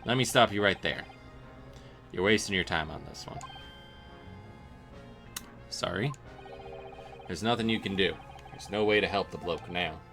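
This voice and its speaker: A man's voice: low voice, creaky, pushed and bright, full character voice. A man voicing a blunt, weary male police inspector with a put-on, vaguely Southern drawl. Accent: vaguely American Southern drawl, put on. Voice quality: slow drawl. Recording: game music playing behind.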